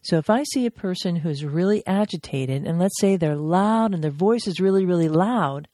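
Emphatic woman trainer with a mellow, dry voice. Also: on the low side, expressive, moderate pace, no echo. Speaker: crisis intervention trainer. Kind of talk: instructional podcast talk.

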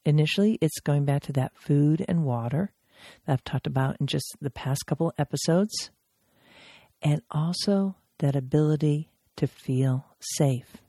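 Woman trainer, emphatic instructional podcast delivery, slightly low, mellow voice. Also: a little slow, no room sound, studio quality. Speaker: crisis intervention trainer.

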